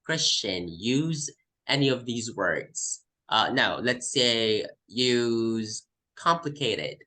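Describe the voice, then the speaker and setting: A man's voice: medium pitch, lively intonation, drawn-out words, bright, forceful tone, poor audio. A man from the Philippines, teaching an English test class and explaining by repeating example words. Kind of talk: online class lesson.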